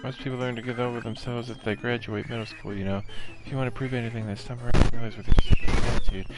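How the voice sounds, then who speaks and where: A man voicing a prim, shy teenage girl who turns cutting and cold, reading her lines in a measured, quietly scornful way. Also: medium pitch, steady tone, over loud music, close to an everyday voice, poor audio.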